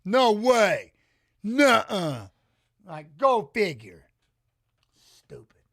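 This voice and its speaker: High-voiced animated man, dry close sound. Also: moderate pace, no echo. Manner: animated storytelling, swears casually. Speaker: watch-along host and former fighter. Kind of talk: casual chat reading live chat.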